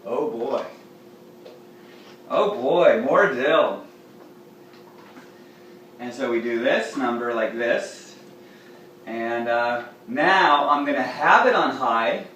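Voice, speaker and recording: A man's voice: medium pitch, slow, long pauses, a bit bright, a little hiss or hum. A playful, effusive man demonstrating a recipe in a home kitchen, cooing at his cat between steps. He sounds far from the mic in a very echoey room, with faint ambience behind him. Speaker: raw food cooking show host. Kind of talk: casual cooking demonstration.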